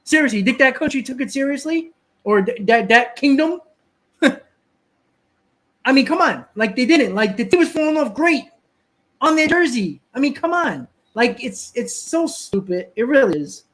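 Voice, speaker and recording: A man's voice: extremely high pitch, animated, a little slow, a bit bright. A man hosting a live stream, ranting casually, often repeating and restarting words and answering viewers in the chat.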